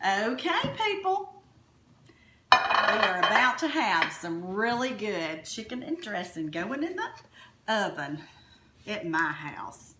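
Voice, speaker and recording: A woman's voice: medium pitch, very animated, slow, reverberant, noisy background. A woman with a Southern US accent hosting a chatty home cooking demonstration, folksy and enthusiastic as she talks to her viewers. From Alabama, US South. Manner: folksy, enthusiastic, keeps addressing viewers as y'all. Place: home kitchen.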